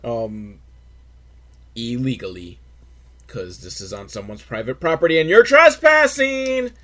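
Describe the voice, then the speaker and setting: A man hosting a podcast, recapping a film in a crude, rambling, self-mocking way with sudden loud outbursts. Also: medium pitch, animated, measured pace. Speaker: podcast host reviewing a film. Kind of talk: casual comedic film recap.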